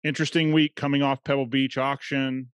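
A man's voice: mid-range voice, little pitch movement, a little fast, dry recording. A man hosting a podcast, telling a story in a conversational, emphatic way. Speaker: podcast host. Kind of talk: casual podcast monologue.

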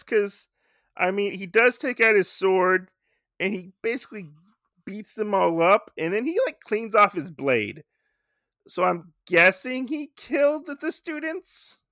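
A man's voice: high-pitched, very animated, unhurried, creaky, pushed and bright, no echo, clean studio sound. A man hosting a podcast, casually recapping a comic book in a rambling way with lots of fillers and restarts. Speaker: podcast host.

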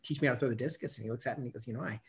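A man in his fifties, a coach appearing as a podcast guest, tells stories in a casual interview, rambling with plenty of restarts and fillers. His mid-range voice holds a steady tone while he races along.

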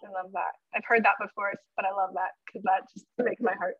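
A woman's voice: medium pitch, level tone, brisk, slightly rough, dry recording. Podcast guest, woman, earnest and emotional; slightly lo-fi and dry recording. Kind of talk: casual interview chat. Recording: dull, slightly lo-fi sound.

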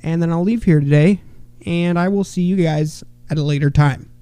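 A young man co-hosting a casual podcast, hoarse from a tooth infection, loud, excitable and swearing a lot. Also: on the high side, moderate pace, no echo. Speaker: podcast co-host. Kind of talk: casual profane chat.

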